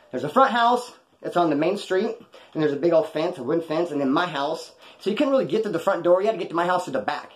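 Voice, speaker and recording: A middle-aged man from California, telling a casual, profane story about his past in and out of prison. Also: a little high. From Bakersfield, California. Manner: rapid, profane, animated, acts out others' lines. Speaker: former prisoner telling stories.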